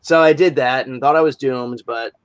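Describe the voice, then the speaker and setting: A man talks as a guest on a casual podcast, spinning long anecdotes. He stumbles and restarts, then jumps into lively impressions of the people in his stories. His pitch sits in the middle range. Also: normal speed, smooth. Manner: animated storyteller who acts out quoted voices. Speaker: podcast guest, convention moderator.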